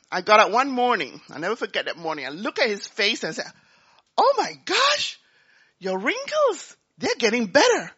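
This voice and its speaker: A woman giving a talk, telling a personal story in an animated way and acting out the dialogue. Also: mid-range voice, muffled recording. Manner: animated, acts out dialogue, laughs often. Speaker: business speaker.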